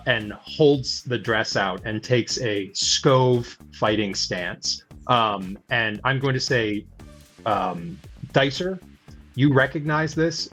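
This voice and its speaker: Halting male game master. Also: medium pitch, a bit bright. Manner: halting, many filler sounds. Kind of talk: narrating a tabletop game.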